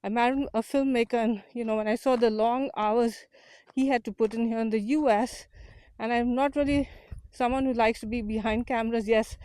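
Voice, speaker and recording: Recorded on a small portable mic with no room sound, a woman from India with a fairly high, steady voice and darkish tone talks at a moderate pace. As a community founder and host, she films an unedited outdoor walk-and-talk vlog, earnest and motivational, a little out of breath on the uphill walk.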